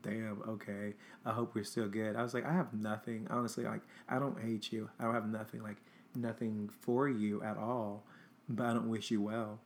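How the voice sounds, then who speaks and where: A young man hosts a casual storytime, his voice sitting a little low. He talks bluntly and profanely and slips into quoted dialogue as he goes. A faint background hiss sits under the recording. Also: level tone, moderate pace. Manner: chatty, blunt and profane, acting out texts. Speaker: host.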